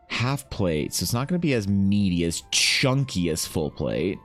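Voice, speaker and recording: Animated young man streaming with lively pitch. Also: normal speed, few pauses, faint music behind. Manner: animated, swearing, bantering with chat. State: slightly rough voice. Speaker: art streamer. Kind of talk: casual live-stream chat.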